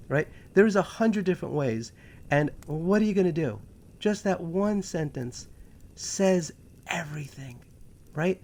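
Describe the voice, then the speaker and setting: A man from New York with a New York accent, hosting a talk show in a casual, animated monologue full of sarcastic asides. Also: on the high side, unhurried. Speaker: podcast host.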